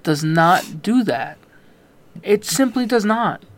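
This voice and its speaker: A man co-hosting a podcast in casual banter, swearing freely and erupting into loud mock outrage. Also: sits high, animated, slow pace. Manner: profane, mock-outraged, loud ranting bursts. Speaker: podcast co-host.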